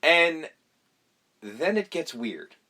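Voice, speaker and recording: A man's voice: on the high side, very slow. A man hosting a podcast, recapping a film in casual chat and swearing freely. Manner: profane, animated retelling. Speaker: podcast host.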